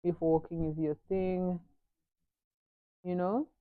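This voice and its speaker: A South African vlogger and mother does a casual get-ready-with-me chat, talking about motherhood while doing her makeup and mixing English with local-language phrases. Her voice is on the low side, slow, and barely moves in pitch, with phone-quality sound and no echo.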